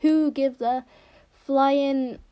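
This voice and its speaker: A young woman with a high voice, casually rambling about doing voice impressions, goofy and self-mocking, with a sore throat. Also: fairly even intonation, very slow, warm tone. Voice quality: high-pitched. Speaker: fan reader, vlogger.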